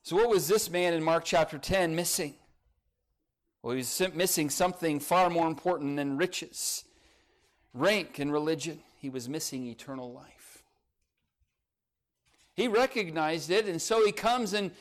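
An older man preaches a sermon in a somewhat high voice. He is earnest and presses his listeners with direct questions. Now and then he lightens it with a folksy joke. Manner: earnest, rises to urgent emphasis, asks the congregation direct questions; folksy asides and light humor.

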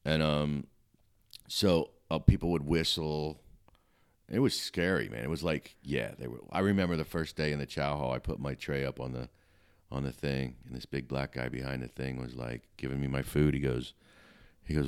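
A man's voice: rumbling low, moderate pace, smooth. A middle-aged man, a comedian guest, telling blunt, matter-of-fact stories in casual chat.

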